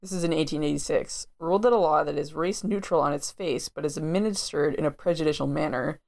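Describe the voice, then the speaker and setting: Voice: mid-range voice, quick pace, vocal fry, darkish tone. A podcast co-host who chats playfully, laughs easily and explains things at length. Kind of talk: casual chat.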